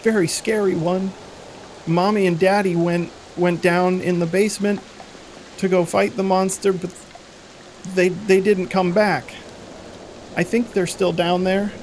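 A frightened little girl pleads for help in a small, high voice, as a man puts her on. She sounds shaky and childlike, with steady rain pattering faintly behind. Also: unhurried, long pauses, slight background noise. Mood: scared.

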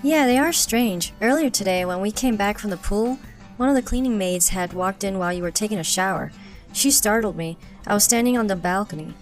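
A woman voicing a young woman on holiday who is uneasy, a little higher and softer than her narrating voice. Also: fairly quick, faint music behind, close to an everyday voice. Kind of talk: storybook narration.

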